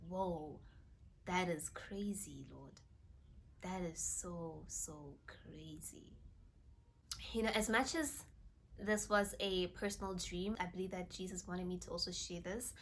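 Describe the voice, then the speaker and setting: A young woman talks casually to her viewers from her bedroom, animated and exclaiming one moment and dropping to an awed hush the next. She reads scripture aloud in a mid-pitched voice. Faint room noise sits under her voice. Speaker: faith vlogger. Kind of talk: casual faith vlog storytelling.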